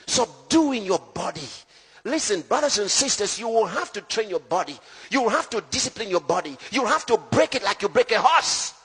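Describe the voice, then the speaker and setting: A preaching man with a high, husky voice. He delivers the sermon emphatically, rising to shouts and then dropping to low, hushed lines. His voice rings with the long reverb of a big hall. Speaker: pastor.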